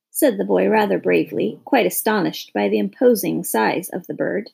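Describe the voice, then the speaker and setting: A woman reading a children's storybook aloud in a gentle, unhurried narrating voice. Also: medium pitch, lively intonation, gravelly, breathy edge.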